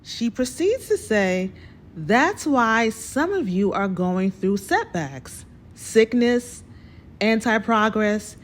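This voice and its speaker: A woman hosting her own show, telling a personal story in an animated way and calling her listeners y'all. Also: fairly high pitch, slow, slight background noise.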